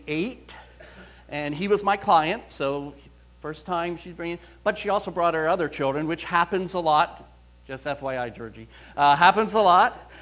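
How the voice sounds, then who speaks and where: Male counselor, storytelling talk; fairly high, very lively pitch. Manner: animated storyteller, quoting voices.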